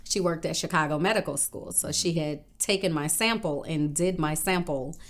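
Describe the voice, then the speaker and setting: A woman from northern Illinois recounting her life in a relaxed interview, sitting a little lower in pitch than most women. She tells her stories with animation and leaps up in pitch when she acts out what people said. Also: moderate pace. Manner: animated, acts out quoted voices with big pitch jumps. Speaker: interview guest. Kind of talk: casual interview storytelling.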